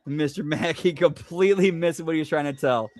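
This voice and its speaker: A man's voice: on the high side, brisk, a little mellow, dry recording, soft background music. A man hosting a casual stream chat, rambling and swearing, correcting himself as he goes. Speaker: stream host.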